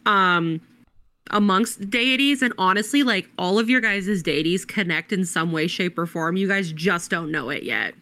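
Bright-voiced chatty woman co-host. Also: lowish voice, moderate pace. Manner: chatty, explains lore with many fillers. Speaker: podcast co-host and game master. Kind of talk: casual podcast chat.

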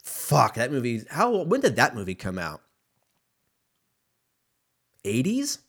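Rambling man with a lively, swinging voice. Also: mid-range voice, slow pace. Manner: rambling, profane, laughs often. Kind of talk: casual rambling monologue.

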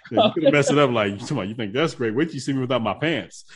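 A man's voice: medium pitch, lively intonation, racing. A man in a casual chat, joking, laughing and swearing as he tells stories.

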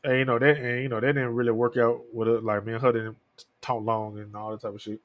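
A man's voice: mid-range voice, flat delivery, quick pace, no echo, phone-quality sound. A man in his thirties hosting a podcast, talking alone in a candid, profane, rambling way. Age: 30s. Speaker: podcast host. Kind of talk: casual solo talk.

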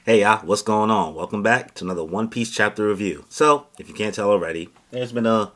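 A man hosting a casual comic chapter review from his home recording room, talking in a slangy, excitable way with sudden exclamations. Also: fairly low pitch, brisk, over loud music. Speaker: manga chapter reviewer, channel host. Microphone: camera setup at home.

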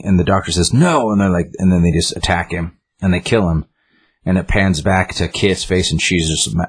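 A man with a deep, slightly husky voice talks through a comic book story in a loose, rambling way. He stumbles, restarts and fills gaps with "like" and "um" as he reviews it. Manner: rambling, lots of fillers and restarts. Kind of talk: casual chat retelling a story.

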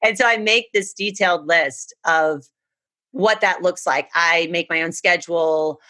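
A woman's voice: fairly low pitch, a little slow, bright, forceful tone. A woman from the United States, earnestly telling a personal story in a casual chat. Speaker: guest.

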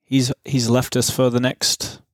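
A young man co-hosting a fitness podcast in a relaxed, joking way, laughing often. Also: mid-range voice, measured pace, dry recording, clean studio sound. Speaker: podcast co-host, fitness coach. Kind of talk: casual chat.

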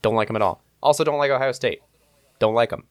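A man's voice: mid-range voice, quick pace, no room sound. A man co-hosting a casual sports podcast, reading listener questions with blunt, dry humor. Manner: dry, blunt, clipped jokes. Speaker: podcast co-host.

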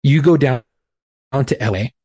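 A man on a podcast, telling a profane, animated story in casual chat. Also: mid-range voice, moderate pace, breathy edge, dry recording, clean studio sound. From California. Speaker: podcast co-host.

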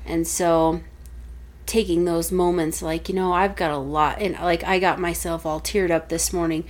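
With a fairly low, steady voice at a moderate pace, this podcast co-host in her thirties tells stories in casual chat. She's chatty and acts out quoted family voices.

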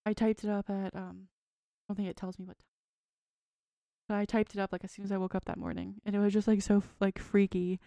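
Casting note: twenties woman, podcast co-host, rambling storyteller, resonant clean voice, mid pitch. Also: flat delivery, a little fast, mellow, dry recording. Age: 20s. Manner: rambling, frequent "like" fillers. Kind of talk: casual chat, reading a dream journal.

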